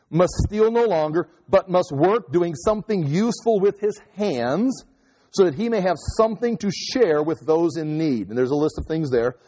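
A man preaching a sermon, telling a scripture story with animated acted-out quotes. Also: high-pitched. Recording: long hall reverb.

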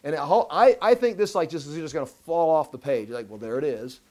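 A man's voice: fairly high pitch, big pitch swings, fast talker, darkish tone. A man teaching a Bible study sermon, emphatic, repeating key phrases and often restarting mid-sentence.

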